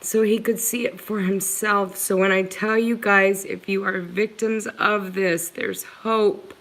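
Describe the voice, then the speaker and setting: A middle-aged woman vlogger talks earnestly to the camera about her own experience, sometimes close to tears, and keeps calling her viewers "guys." Her medium-pitched voice is fairly bright, with fairly even intonation and an unhurried pace.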